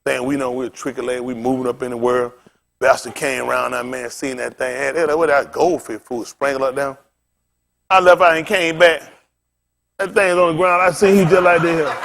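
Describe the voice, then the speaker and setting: A man's voice: mid-range voice, steady tone, normal speed, vocal fry, a bit bright, slight background noise. A male pastor preaching a sermon with funny stories, talking in a loose, colloquial way and often laughing as he tells them. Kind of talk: sermon with humorous storytelling.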